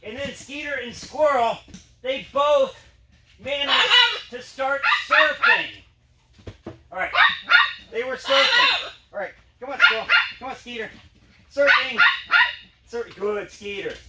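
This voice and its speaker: A man's voice: extremely high pitch, huge pitch swings, slow, pauses often. A man performing a dog trick show, telling a rambling story and breaking off to cue his dogs. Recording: roomy, distant mic, background noise.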